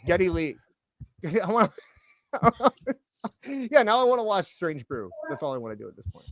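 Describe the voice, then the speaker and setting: Lively, rambling man on a stream panel. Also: high voice, normal speed, dry recording, studio quality. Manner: rambling, hedges and restarts. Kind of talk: casual live-stream chat.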